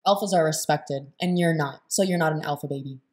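A young woman talks over a clip she is reacting to, in a voice pitched a little low. She is blunt and sarcastic and swears freely, in the loose tone of casual commentary. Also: fairly quick, darkish tone. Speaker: reaction video host.

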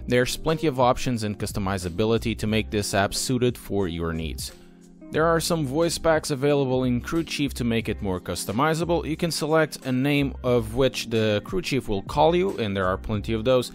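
A man reads a prepared software review at a mid-range pitch, walking through features in a steady, explanatory way. Quiet music runs softly underneath his voice. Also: moderate pace. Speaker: sim racing channel host. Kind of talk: scripted software review voice-over.

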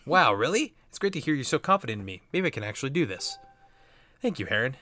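A man's voice: medium pitch, very animated, fast talker, bright, forceful tone, faint music behind. A man reading an eager, weak young trainee. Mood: earnest. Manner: earnest, self-deprecating.

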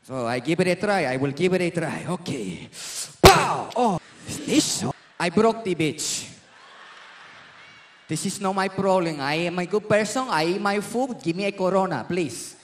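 A man's voice: high voice, lively intonation, unhurried. A comedian voicing a proud, macho Latin man, speaking in stilted, clipped sentences.

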